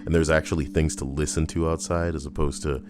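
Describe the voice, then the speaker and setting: A man's voice: a bass voice, level tone, fairly quick, music in the background. A man streaming, reading out comments with crude, profane jokes.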